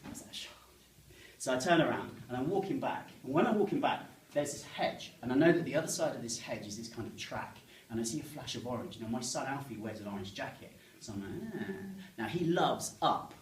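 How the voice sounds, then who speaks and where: With few pauses, a man from the Medway Towns, Kent, England rattles through chatty, self-mocking stand-up and audience banter in a live comedy room. His mid-range voice is expressive and fast, and the distant mic yields a roomy sound with slight hiss or hum.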